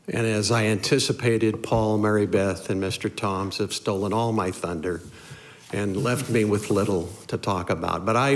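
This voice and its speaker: Measured low-voiced man at a meeting podium. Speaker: public commenter. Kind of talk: prepared public comment. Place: city council chamber.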